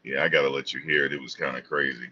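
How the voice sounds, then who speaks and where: A man's voice: a bass voice, steady tone, quick pace, sharp tone, distant mic, dull audio, a little hiss or hum. A man co-hosting a casual commentary chat, laid-back and hesitant, hedging with lots of fillers. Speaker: co-host.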